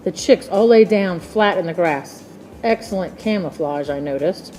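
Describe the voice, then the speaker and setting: A woman reading a children's book aloud in a slow, expressive storytelling manner. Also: on the low side, soft background music.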